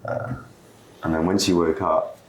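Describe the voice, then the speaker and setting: Relaxed podcast host, male, very low and gravelly, recorded in a roomy space. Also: a little slow. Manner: relaxed, with fillers and soft laughs. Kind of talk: casual storytelling. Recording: roomy room with faint background noise.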